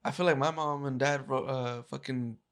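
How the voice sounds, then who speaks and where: A man's voice: medium pitch, fairly even intonation, normal speed, a bit bright. A man co-hosting a casual podcast, mostly chiming in with short remarks and laughing along. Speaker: podcast co-host.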